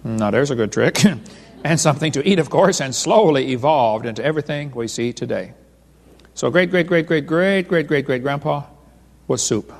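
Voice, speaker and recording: Man, lecturer, folksy, wisecracking storyteller, somewhat high voice, long hall reverb. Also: moderate pace. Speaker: creationist seminar speaker. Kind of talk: humorous lecture to a live audience.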